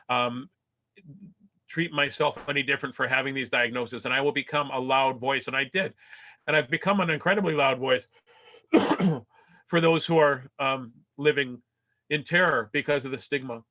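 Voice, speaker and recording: A man giving a motivational talk, telling a personal story with animated, self-deprecating humor and acting out what others said, then turning soft and earnest. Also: mid-range voice. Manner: turns soft and earnest in emotional passages. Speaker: keynote speaker.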